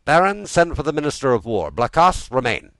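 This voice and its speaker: A male audiobook reader voicing an aging, stern French king who speaks in measured, regal commands. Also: sits low, lively intonation, no room sound. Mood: commanding.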